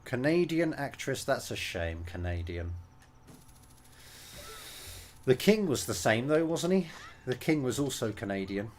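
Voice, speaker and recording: A man's voice: medium pitch, very animated, normal speed, slight background noise. A British man giving casual, opinionated commentary while streaming a game. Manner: chatty, opinionated, rambling asides.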